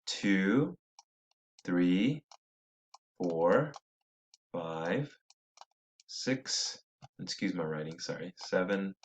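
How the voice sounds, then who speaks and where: A man teaching a poetry lesson, reading lines slowly with stressed syllables and thinking aloud with small self-corrections. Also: low-pitched, expressive.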